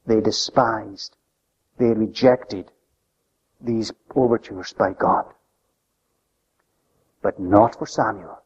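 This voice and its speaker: A man preaching a sermon with an emphatic delivery that swings between loud, high stresses and soft, low drops. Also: takes it slowly, pauses often, breathy edge. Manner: emphatic, rising and falling delivery. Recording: lo-fi recording with long hall reverb.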